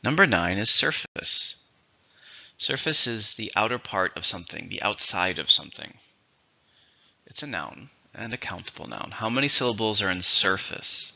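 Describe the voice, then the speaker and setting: Male English teacher, low and sharp-toned, dull lo-fi recording, measured explanations. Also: animated, creaky. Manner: slow, deliberate explanations with repeated words. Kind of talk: vocabulary lesson.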